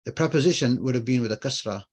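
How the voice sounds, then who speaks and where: A man's voice: medium pitch, fast, a little mellow, slightly rough. Man teaching an online language class. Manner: explains patiently, repeats phrases, asks and answers his own questions. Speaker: Arabic teacher.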